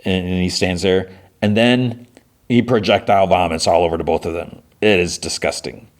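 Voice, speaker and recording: A man's voice: sits low, steady tone, normal speed. A middle-aged man hosting a podcast, casually recapping a show with a rambling manner. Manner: rambling, many fillers and restarts. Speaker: podcast host.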